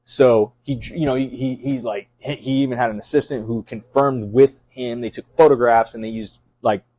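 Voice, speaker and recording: A man's voice: mid-range voice, steady tone, moderate pace, mellow, no room sound. A middle-aged man, a fire captain, talking casually in an intense, rambling way, full of restarts and fillers. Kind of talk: casual podcast conversation.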